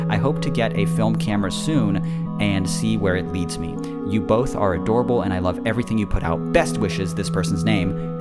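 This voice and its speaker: A man reads a listener's email aloud on a casual podcast, tripping over the odd word and cursing cheerfully as he goes. Loud plucked guitar music plays behind him throughout. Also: fairly low pitch. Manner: swears freely, stumbles and laughs through the reading. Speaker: podcast co-host.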